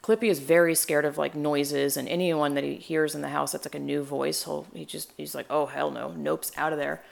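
Gravelly low-voiced woman telling a story. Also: little pitch movement, normal speed. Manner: rambling, chatty, acts out quotes. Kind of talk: casual storytelling.

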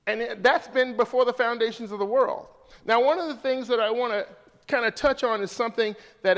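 A male pastor preaching a sermon to his congregation, swinging from hushed lines to loud, high calls. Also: long reverb tail.

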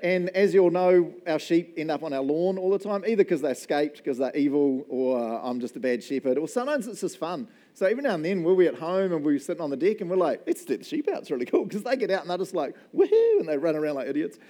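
A pastor with a New Zealand accent delivers a casual, jokey sermon in church, telling animated stories with self-deprecating asides. His voice is a little high, and he moves at a quick pace with hardly any pauses.

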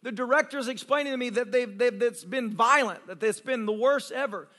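High, bright-voiced excitable male preacher. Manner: excitable, animated storyteller with fast restarts. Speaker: pastor. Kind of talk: sermon testimony storytelling. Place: church service.

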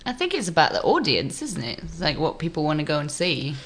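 A woman in a casual film discussion, opinionated and quick to laugh. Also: deep voice, big pitch swings, fairly bright tone.

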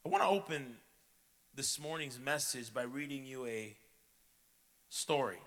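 A man's voice: medium pitch, unhurried, a bit bright. A male pastor preaching a sermon to his congregation, with a dramatic storytelling delivery. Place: church sanctuary. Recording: echoey church hall.

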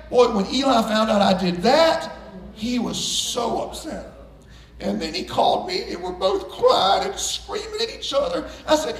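A middle-aged male pastor telling a story in a sermon, animated, laughing and bursting into shouts. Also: extremely high pitch, normal speed. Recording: echoey room heard from a distance.

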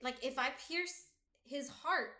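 Woman doing a torn young heroine, hushed and anguished, bright high voice. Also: slow pace, roomy sound, heavily acted. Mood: wondering.

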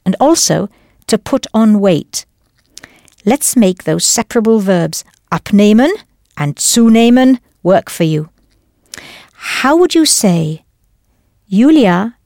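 A woman leading a scripted audio language lesson, explaining patiently and deliberately into a close studio mic. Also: medium pitch, darkish tone, dry recording. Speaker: language teacher.

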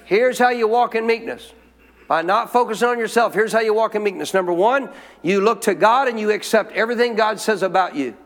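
Briskly and emphatically, a male pastor with a high, somewhat bright voice preaches to his congregation in a church sanctuary, inviting them to respond. The recording has a long hall reverb.

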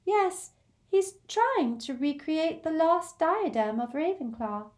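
A woman's voice: high voice, expressive, slow, a little mellow, voice pushed up. Woman voicing Luna, a dreamy airy teen girl.

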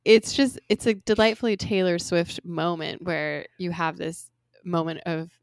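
An American woman co-hosting a casual podcast chat about song lyrics, talkative and quick to laugh, often acting out little quotes. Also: fairly low pitch, fairly even intonation, dry recording, clean studio sound. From United States. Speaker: podcast co-host.

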